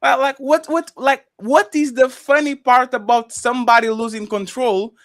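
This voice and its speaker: Brief: high, bright male panel host, emphatic and animated, dry close mic. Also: moderate pace, no room sound. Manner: animated, emphatic, breaks into mocking impressions. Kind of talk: casual opinion talk. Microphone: streaming microphone.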